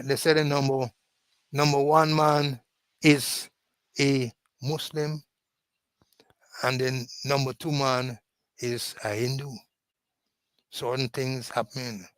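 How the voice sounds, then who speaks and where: Slow, halting male co-host. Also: medium pitch, a bit bright, dry recording, poor audio. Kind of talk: political commentary.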